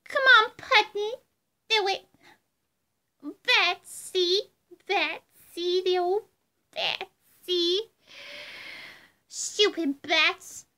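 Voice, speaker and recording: A giddy young villainess taunts in a very high, sharp, squeaky sing-song voice, as a woman puts her on. She draws her words out slowly, teasing and threatening at once. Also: exaggerated voice.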